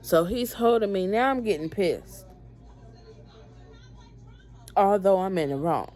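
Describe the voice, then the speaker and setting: A woman's voice: medium pitch, expressive, normal speed, darkish tone, soft background music. A woman telling a personal story for a vlog in a blunt, profane, emphatic way. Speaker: vlogger, mother.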